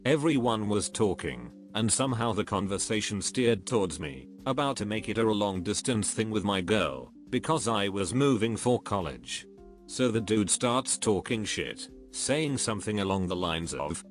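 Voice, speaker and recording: A man reading first-person stories aloud as scripted narration, in a flat read-aloud manner. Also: on the low side, normal speed. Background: faint background music.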